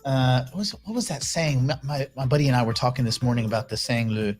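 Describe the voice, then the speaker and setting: Soft music plays behind this man's fast, medium-pitched voice as he hosts a casual livestream. He gives blunt, opinionated commentary while reading chat and greeting each new viewer by name.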